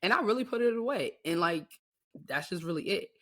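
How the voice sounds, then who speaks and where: Young woman co-host, low-pitched voice, candid and profane, relaxed chat. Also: fairly quick. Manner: candid, frank and profane, with lots of short backchannel replies. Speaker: podcast co-host. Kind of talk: casual chat.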